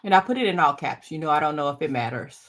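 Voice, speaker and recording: Her voice sits low, animated and quick with a fairly bright tone, as this woman hosts a casual crafting livestream. A bubbly, chatty crafting channel host, she laughs frequently and speaks straight to her audience.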